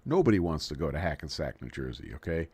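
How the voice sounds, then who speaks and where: A man's voice: rumbling low, very animated, quick pace, a little mellow, slightly rough, dry recording. A man from New York City hosting a casual livestream, joking and rambling as he restarts his sentences. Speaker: livestream host.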